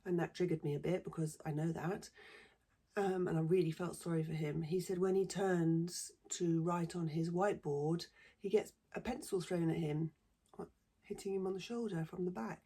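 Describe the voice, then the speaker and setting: A woman's voice: on the low side, fairly even intonation, normal speed, mellow, slightly rough. A middle-aged woman with a southern English accent, a former secondary teacher talking bluntly and swearing freely in a casual monologue. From southern England.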